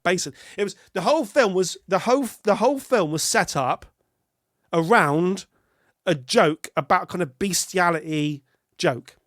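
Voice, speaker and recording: A man's voice: high-pitched, animated, normal speed, fairly bright tone, no room sound. Rambling British man, dry close sound. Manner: rambling, self-interrupting storyteller. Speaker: podcast co-host. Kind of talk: casual film chat.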